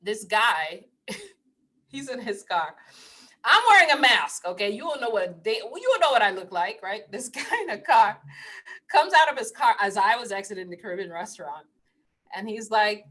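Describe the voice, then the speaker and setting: A woman's voice: on the high side, very animated, normal speed, long pauses, fairly bright tone. A woman hosting a casual spiritual livestream, laughing often as she tells playful, digressive stories. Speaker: spiritual host.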